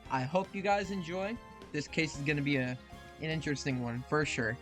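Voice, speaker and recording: A man's voice: on the high side, fairly quick. A man casually commenting on a game playthrough as a video host, chatty and reacting aloud. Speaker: gaming YouTuber. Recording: game music playing underneath.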